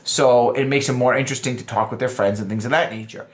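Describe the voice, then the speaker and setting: A man giving dating advice to other men, lively and explaining point by point, acting out quoted lines in funny voices. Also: mid-range voice, fast talker. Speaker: dating coach. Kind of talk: instructional vlog talk.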